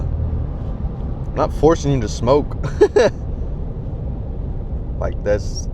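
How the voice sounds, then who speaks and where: A man hosting a solo podcast while driving, rambling casually with jokes and swearing. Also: mid-range voice. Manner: joking, profane, goes off on tangents. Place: inside a moving car. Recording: constant car road noise.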